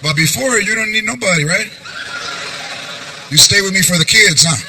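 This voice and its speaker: A man's voice: high-pitched, moderate pace, noisy background. A male comedian voicing an older wife who sarcastically scolds her sick husband in a taunting, nagging way. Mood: mocking scold.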